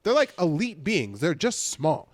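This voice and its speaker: Podcast co-host, male, lively storyteller with a swinging pitch, a touch high, dry studio sound. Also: a little slow, dry recording. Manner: animated, swearing, mimics people in high voices. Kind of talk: casual chat, storytelling. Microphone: studio podcast mic.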